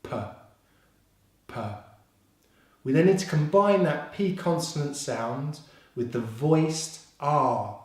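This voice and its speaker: A man with a British English accent teaching pronunciation, slow and deliberate, repeating each sound carefully. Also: medium pitch, heavy reverb. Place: London.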